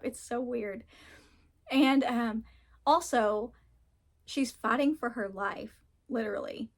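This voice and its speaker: A woman's voice: a little high, slow, pauses often. A woman reviewing books in casual chat, frank and ranting, laughing often and swearing now and then. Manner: animated, mocks characters in put-on voices. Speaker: book reviewer.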